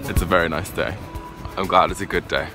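A cheerful man talks to his camera as he walks around the city, his voice sitting very low. He rambles, restarts sentences and keeps the tone light and chatty. Loud background music plays under his words. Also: fairly quick. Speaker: vlogger. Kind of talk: casual vlog chat. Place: out and about in a city, on streets and indoors. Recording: background music playing loudly.

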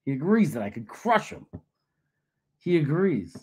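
Brief: New man, sports stream host, slightly high husky voice, joking and boastful banter. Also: big pitch swings, a little slow, warm tone. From New York. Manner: joking, boastful, laughs often. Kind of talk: casual live-stream banter.

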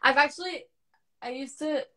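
A young woman hosting a live stream from her phone. Her voice is bright and a touch high. She chats quickly in a giggly way and reads out viewer comments. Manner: chatty, giggly, reading comments aloud. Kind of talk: casual chat. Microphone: phone on a live video call.

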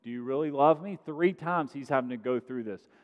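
A man preaching a sermon in a conversational style, growing loud on points of emphasis, in a large church sanctuary. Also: mid-range voice, brisk, muffled recording. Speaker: pastor. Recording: long sanctuary reverb.

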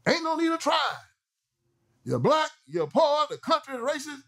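A man putting on a mocking caricature of a defeatist political voice, in a high sing-song manner. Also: sing-song, moderate pace, fairly bright tone, full character voice.

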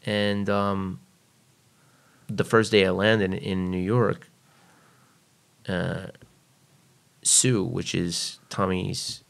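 A man's voice: low voice, fairly even intonation, extremely slow, vocal fry, pauses often. A man guest on a podcast, telling a personal story casually and bluntly, swearing freely. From United States.

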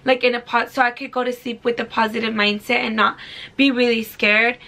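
Bright gravelly young woman vlogging. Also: fairly high pitch, little pitch movement, a little fast. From California. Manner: chatty, filler-heavy, swears freely. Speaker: beauty vlogger. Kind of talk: casual storytelling to camera.

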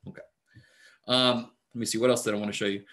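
A man's voice: on the low side, quick pace. A man teaching a math class over a video call, talking casually with lots of fillers while taking roll. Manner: relaxed, chatty, many fillers. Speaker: math instructor. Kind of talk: casual online class talk. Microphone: computer mic on video call.

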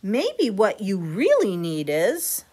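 A woman voicing an excited, earnest little boy who pleads with his parents. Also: slow, breathy edge, heavily acted. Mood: worried. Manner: high, insistent, earnest.

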